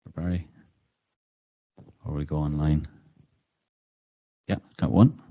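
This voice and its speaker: A man with a low voice moderates a talk, keeping it brief and polite. He sounds dull and a bit distant. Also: steady tone, takes it slowly. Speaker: host. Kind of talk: hosting a talk event.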